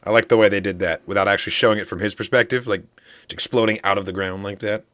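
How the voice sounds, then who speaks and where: A man giving casual reaction commentary on a show, animated, loud and joking, with some swearing. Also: lowish voice, fast talker. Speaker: reaction host.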